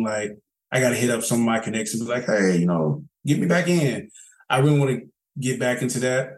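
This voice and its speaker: A young man from North Carolina with a Southern accent, a podcast guest talking in a relaxed, rambling, slangy way. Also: mid-range voice. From Charlotte, North Carolina. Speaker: guest, background actor and photographer. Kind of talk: casual podcast interview. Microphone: phone call. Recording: roomy phone call.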